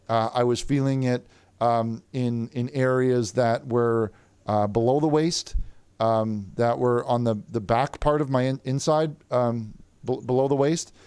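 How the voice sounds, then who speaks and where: A man's voice: mid-range voice, darkish tone, clean tone, no echo. A man improvising as a plaintiff in a comedic mock trial, stammering and repeating words as he talks. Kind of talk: comedic improvised courtroom role-play.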